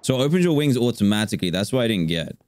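A man's voice: fairly low pitch, very animated, rapid-fire, darkish tone. A man giving live commentary on his own gameplay, bursting out in exasperated, self-mocking remarks. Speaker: streamer. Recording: audible background noise.

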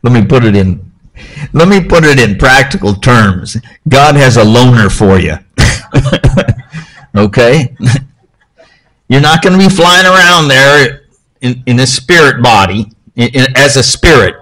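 A man's voice: mid-range voice, expressive, measured pace, pauses often, a bit bright. A pastor preaching a sermon in church, talking conversationally and checking in with "okay?" as he restarts his phrases.

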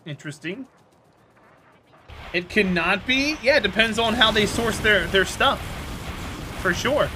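A man's voice: high-pitched, animated, measured pace, long pauses, noisy background. A man streaming a game, chatting casually and teasing his viewers with jokes. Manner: joking, teasing chat banter.

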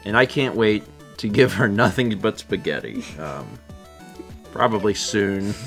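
A young man hosting a live stream in casual chat, reading viewer messages aloud and responding to them in a relaxed way. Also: fairly low pitch, unhurried, faint music behind. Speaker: stream host.

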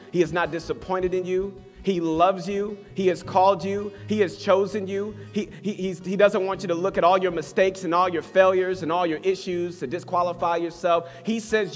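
A man preaching a sermon to a congregation in a church, reading scripture and praying in a fervent, exhorting way. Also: high voice. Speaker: pastor. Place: church hall with live congregation. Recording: long hall reverb, soft guitar behind.

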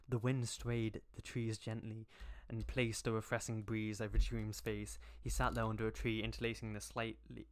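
A man's voice: mid-range voice, slow. A man streaming as he reads a fanfic aloud, reluctant and exasperated, breaking off to complain and swear. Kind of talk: live-stream reading with comic asides.

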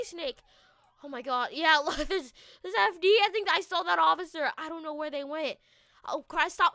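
A woman hosting a gaming channel, chatting casually and excitably through a roleplay, stammering and slangy when alarmed. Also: very high-pitched, brisk, no room sound, clean studio sound. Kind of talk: casual roleplay commentary over gameplay.

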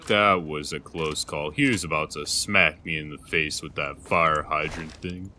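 A man's voice: low-pitched, moderate pace, few pauses, sharp tone, slight background noise. A man giving casual gameplay commentary as a let's play host, rambling and self-deprecating, with lots of hesitant fillers.

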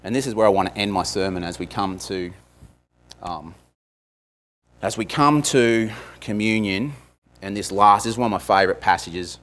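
A man's voice: on the low side, moderate pace, long pauses, a bit bright. A man, a pastor, giving a conversational sermon, with frequent asides to the congregation.

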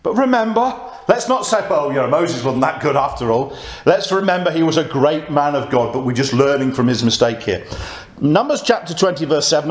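A man's voice: a little high, lively intonation, brisk. A man preaching a conversational sermon and reading scripture aloud. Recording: echoey church room.

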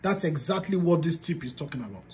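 A woman's voice: sits low, lively intonation, quick pace, a little mellow, a little hiss or hum. A woman with a Nigerian accent giving a motivational coaching talk. She talks emphatically, repeats key phrases and slips into pidgin. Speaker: business coach.

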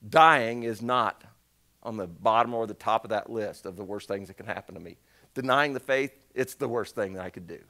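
A male pastor preaching a conversational sermon, swinging between shouts and hushed asides. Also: fairly low pitch, moderate pace, vocal fry.

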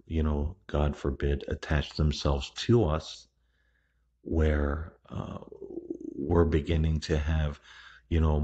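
A man hosting a podcast on the supernatural, talking in an unhurried, casual monologue that is full of restarts and fillers. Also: rumbling low, darkish tone, breathy edge. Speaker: podcast host. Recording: dull, lo-fi recording.

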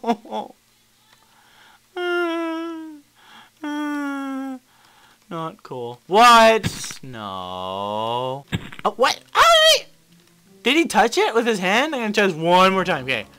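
Brief: young male gamer, bright and animated, grumbling then shouting at a hard game. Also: high-pitched, slow pace, clear, resonant tone. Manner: frustrated, yelling and swearing at the game. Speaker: gameplay commentator. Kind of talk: let's play commentary.

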